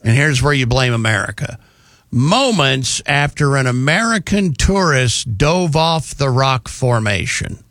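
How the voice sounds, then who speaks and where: A man hosting a talk show, telling news stories in a casual, animated way with jokey asides. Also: mid-range voice, unhurried, dry recording. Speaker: radio show host.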